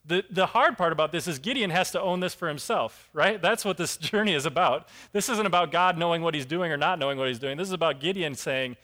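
A man's voice: a little high, fast talker, few pauses, pushed and bright. A man preaching a casual, conversational sermon as a pastor, self-deprecating and acting out characters' lines.

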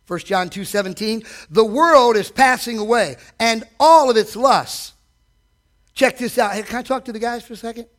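A man preaching a sermon from a church stage, animated, asking the congregation direct questions and acting out quotes. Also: very high-pitched, normal speed. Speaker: pastor.

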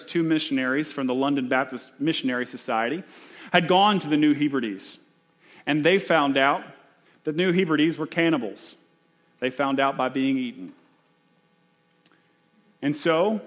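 A man's voice: a little high, a bit bright. A man preaching a sermon as a pastor in a church, telling stories and building to urgent repeated questions.

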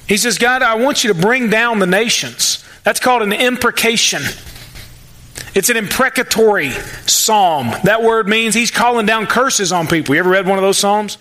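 A man preaching a sermon in church, talking conversationally and acting out prayers in quick asides. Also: high voice, animated, sharp tone, rough recording. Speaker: pastor.

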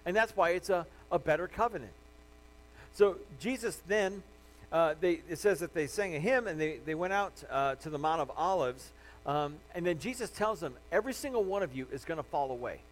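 A man's voice: on the high side, moderate pace, slight background noise, rough recording. Earnest male preacher, rising intensity. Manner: earnest, builds to impassioned emphasis. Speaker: pastor. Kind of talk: sermon.

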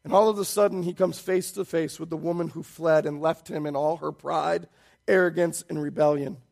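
A man preaching a sermon as pastor, swinging from hushed pleading to loud shouted emphasis. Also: fairly high pitch, fairly even intonation, moderate pace, gravelly.

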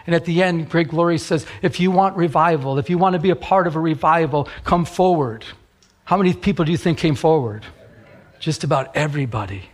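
A man preaching a sermon as a pastor, rambling and often repeating words as he restarts. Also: a little high.

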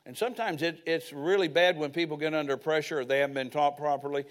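A man's voice: on the high side, fairly even intonation, fast talker. An older man preaching a sermon as pastor, telling personal stories with folksy asides.

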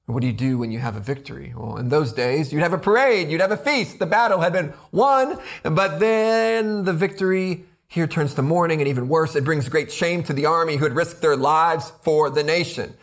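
A man's voice: fairly high pitch, moderate pace, few pauses. A man preaching an expository sermon, earnest and building to emphatic rhetorical questions, often repeating words as he presses a point. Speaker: pastor.

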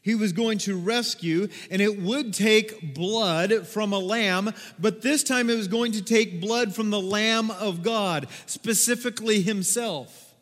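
A high-voiced male pastor preaching in a church sanctuary, his words ringing with a long hall reverb. He delivers the sermon with lively energy and dramatizes the crowd's voices. The sound has the spacious tail of a big room. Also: measured pace, few pauses. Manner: animated, acts out crowd voices with whoops.

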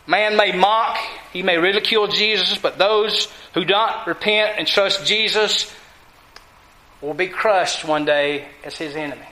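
High, bright-voiced man preaching. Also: echoey room, low-quality recording. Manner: asks the congregation rhetorical questions, deliberate emphasis. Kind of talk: sermon.

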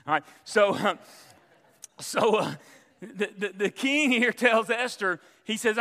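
A preacher in full sermon, his voice bright and forceful. He tells his stories like a storyteller, taking on the voices of the people in them. The sound carries long reverb, like a large church hall. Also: sits high, slow pace.

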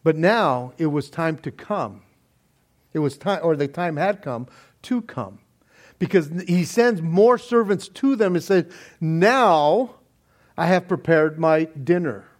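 A man preaching a sermon in a deliberate manner, with soft laughs between points. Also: a little high, lively intonation. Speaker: pastor.

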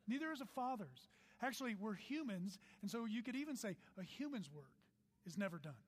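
High-pitched guy preaching a sermon, lively, lots of asides, big echoey church hall. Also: fairly quick, breathy edge. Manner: animated preaching with asides and quotes. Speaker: pastor.

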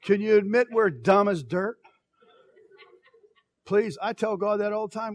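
A middle-aged male pastor preaching a sermon in a folksy, storytelling way, moving from soft, slow, hushed passages to loud, emphatic calls. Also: high voice, no room sound. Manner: folksy, tells personal stories.

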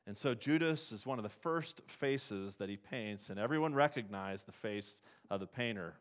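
A man preaching a sermon, telling stories and moving between quiet, reflective passages and loud, emphatic ones. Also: on the low side, moderate pace. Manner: storytelling, swings from quiet to emphatic.

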